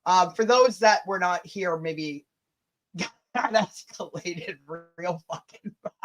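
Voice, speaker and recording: A woman co-hosting a casual livestream chat, loud and profane, teasing and laughing often. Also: fairly low pitch, takes it slowly. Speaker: livestream co-host.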